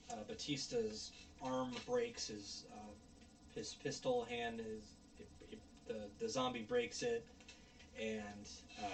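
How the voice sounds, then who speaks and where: A man with a gravelly, fry-edged voice tells a movie plot in a loose, rambling way, full of ums and uhs. He sometimes puts on voices and yells at the characters. A faint hiss of noise sits under the recording. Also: medium pitch. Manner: rambling, frequent fillers, mock-shouting at characters. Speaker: movie reviewer. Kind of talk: casual movie recap.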